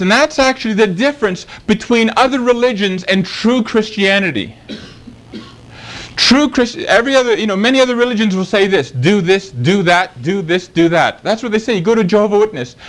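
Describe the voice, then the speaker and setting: A man's voice: sits high, brisk, a bit bright, low-quality recording. A man preaching a sermon, emphatic and fond of rhetorical questions.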